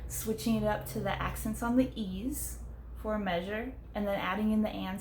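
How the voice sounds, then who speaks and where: Young female drum teacher, clear and methodical, counts beats aloud; echoey room. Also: mid-range voice, fairly even intonation, normal speed, a little mellow, a little hiss or hum. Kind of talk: casual instructional explanation. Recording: echoey room with faint ambience.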